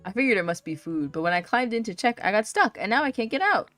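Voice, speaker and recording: Streamer doing a high, loud game chef voice, food-mad and boastful. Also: female voice, very animated, fast, faint music behind. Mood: eager. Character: excitable food-obsessed male chef.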